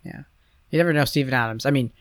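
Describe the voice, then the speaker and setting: On a sports podcast, a young co-host talks fast and loosely, thinking out loud with lots of fillers, hesitations, and restarted sentences. His pitch is ordinary, and he's recorded close and dry without any room sound.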